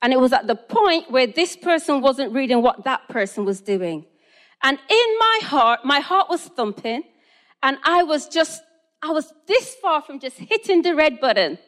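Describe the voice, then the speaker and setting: A woman's voice: high voice, very animated, moderate pace, a bit bright. A woman from England preaching a sermon, telling a personal story and acting out both sides of phone calls.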